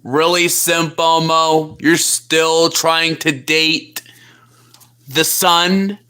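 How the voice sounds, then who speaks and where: A woman voicing a weary plush-toy narrator who speaks in a dry, unimpressed, deadpan way in a comic live-stream skit. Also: sits low, extremely slow, clean tone, voice pushed down, heavily acted.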